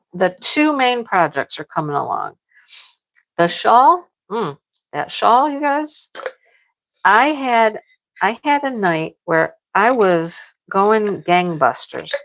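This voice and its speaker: A woman's voice: mid-range voice, fairly bright tone, rough recording. A middle-aged woman chatting casually to her viewers about her crochet projects, rambling and repeating herself. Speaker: crochet vlogger.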